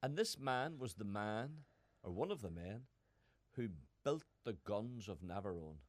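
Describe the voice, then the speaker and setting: A man's voice: on the low side, lively intonation. A man playing a bumbling, hesitant middle-aged caller in a radio comedy sketch, stammering and losing his words. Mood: earnest. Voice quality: stammering, halting.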